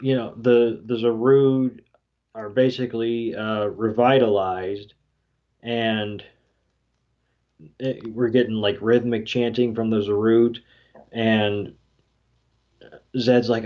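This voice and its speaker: A man co-hosting a podcast, slowly retelling a movie scene by scene with lots of fillers and quoted lines. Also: lowish voice, flat delivery. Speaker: podcast co-host. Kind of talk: casual podcast recap. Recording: dull lo-fi podcast audio.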